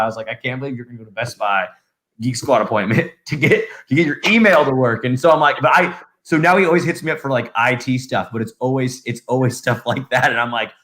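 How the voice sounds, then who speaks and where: A young adult man co-hosting a podcast, telling stories in casual chat with laughs and animated impressions. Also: medium pitch, fast. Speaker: podcast co-host.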